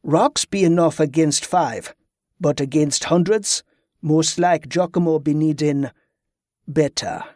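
A man's voice: fairly high pitch, takes it slowly, darkish tone, no room sound, clean studio sound. Rustic man in folksy dialect voiced by a male narrator, earnest and plain. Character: rustic man speaking of himself in third person.

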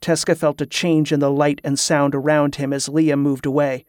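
A man reading a novel aloud in a steady, even narration. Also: fairly high pitch, normal speed, dry recording, clean studio sound. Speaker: audiobook narrator. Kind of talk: scripted narration.

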